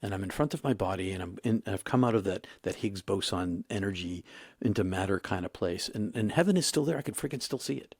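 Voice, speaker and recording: Husky low-voiced man telling a story. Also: expressive, darkish tone, no echo, studio quality. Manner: halting, repeats and restarts, emotional retelling. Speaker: guest. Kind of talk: telling his near-death story in an interview.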